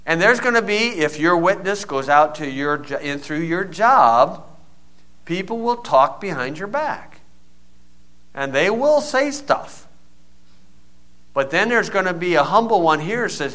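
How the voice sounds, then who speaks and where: Pastor with a bright, forceful voice. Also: male voice, high-pitched, lively intonation, moderate pace. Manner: folksy storytelling, quoting voices in anecdotes. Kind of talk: sermon.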